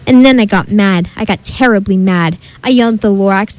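A woman's voice: mid-range voice, brisk, few pauses, a little mellow, poor audio. A woman reading a rhyming storybook aloud with a rhythmic, sing-song delivery. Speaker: reader. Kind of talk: storybook read-aloud in rhyme.

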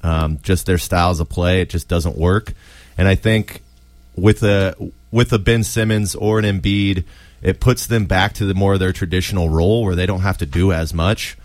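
A man co-hosting a casual sports podcast, giving opinions in a steady way. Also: deep voice, normal speed, dry recording. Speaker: podcast co-host.

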